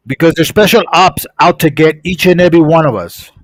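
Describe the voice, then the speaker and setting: A man's voice: fairly high pitch, fairly quick, dry recording, poor audio. A young man telling a story casually to his stream, acting out voices. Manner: animated, acts out voices in the story.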